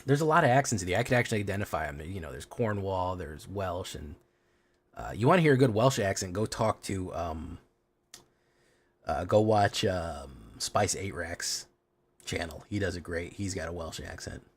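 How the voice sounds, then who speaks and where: A man's voice: low-pitched, lively intonation, moderate pace, husky. A man streaming a card game, chatting casually with his viewers and rambling as he plays. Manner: rambling, talkative, answering chat questions.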